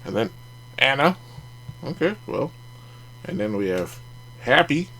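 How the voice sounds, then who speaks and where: A man's voice: medium pitch, very animated, a little slow, pushed and bright, a little hiss or hum. A man hosting a casual card review vlog, chatty and making jokey asides as he goes. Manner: chatty, jokey asides, laughs at own remarks. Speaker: card collecting channel host.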